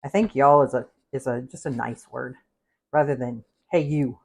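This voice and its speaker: A woman's voice: a bass voice, moderate pace, gravelly, darkish tone, husky. A woman hosting a casual cooking livestream from a home kitchen, chatty and rambling, with easy laughs and side stories as she talks through a recipe. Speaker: cooking show host.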